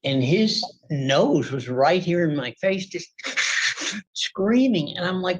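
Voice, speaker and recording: Brief: man speaking up in a court hearing, husky and animated, dull muffled audio. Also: sits high, unhurried. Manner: animated, acts out quoted shouting. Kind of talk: testimony in court.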